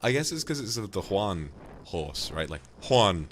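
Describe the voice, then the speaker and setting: A man's voice: low voice, very animated, unhurried, a bit bright, slight background noise. A man from the UK, streaming and casually thanking viewers for donations, affectionately calling them darling. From United Kingdom.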